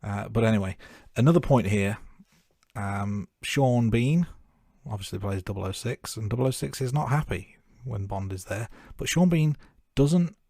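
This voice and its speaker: Male co-host, low-ish voice, jokey chat, dry recording. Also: expressive, normal speed, vocal fry, warm tone, dry recording. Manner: joking, chatty, laughs at own remarks. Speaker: podcast co-host. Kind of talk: casual film-review chat.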